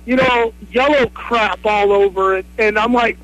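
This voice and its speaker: A man calling in to a radio show, telling a story with lots of hesitant pauses. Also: extremely high pitch, steady tone, a bit bright, a little hiss or hum, poor audio. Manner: hesitant, many uhs. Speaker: caller. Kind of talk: phone-in story.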